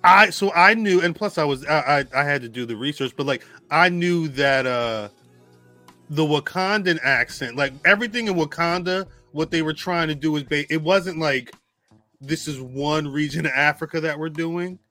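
Male podcast co-host, geeky talker, bright tense tone, faint music behind. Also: fairly high pitch, moderate pace. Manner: geeky, chatty, laughs often. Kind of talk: casual chat.

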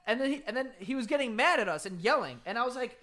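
A man in his twenties co-hosting a podcast, telling stories in an animated, swearing casual chat. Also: very high-pitched, quick pace. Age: 20s. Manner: animated storyteller, swears freely. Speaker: podcast co-host.

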